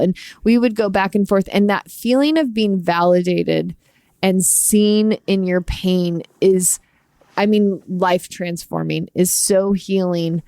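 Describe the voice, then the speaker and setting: A woman's voice: medium pitch, slow pace, creaky, warm tone, clean tone, no echo, studio quality. A woman co-hosting a podcast, talking earnestly and emotionally, with rambling restarts. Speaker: podcast co-host. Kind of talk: heartfelt podcast conversation.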